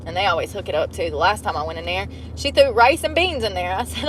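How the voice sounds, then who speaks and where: A woman's voice: medium pitch, quick pace, slight background noise. A young woman vlogging from inside a car, rambling and complaining in a blunt, heavily profane way. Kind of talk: casual rambling monologue.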